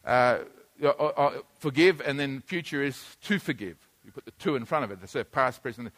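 A man's voice: medium pitch, normal speed, fairly bright tone. A man preaching a sermon, teaching plainly and then building to emphatic, repeated points.

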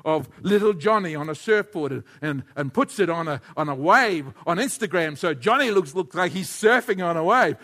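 Man preacher with a high, bright voice; lively sermon that drops to a hush and rises near a shout, quick chuckles. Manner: animated preaching, swinging from hushed to near-shouting; chuckles often between points. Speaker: pastor.

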